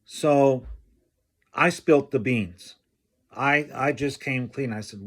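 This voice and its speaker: A man telling a personal story from his school days, slow and halting, often clearing his throat. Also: medium pitch. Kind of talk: personal anecdote told slowly.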